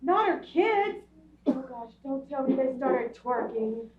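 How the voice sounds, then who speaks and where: A woman's voice: sits high, lively intonation, slow, slight background noise. A woman performing a chatty, upbeat comic promotional skit. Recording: echoey hall, far from mic, phone-like.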